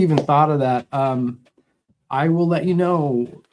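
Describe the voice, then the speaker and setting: A man's voice: a little high, unhurried, slight background noise. Middle-aged guy doing a chill guitar livestream, reads comments and explains stuff, restarts his sentences a lot. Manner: relaxed and explanatory, with many restarts. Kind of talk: casual live chat answering viewer comments.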